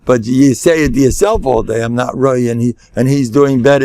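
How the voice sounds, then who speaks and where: A man's voice: medium pitch, brisk, gravelly, darkish tone, no echo. An older man, a rabbi teaching a class, lecturing live to an audience in a joking way and sprinkling in Yiddish and Hebrew terms.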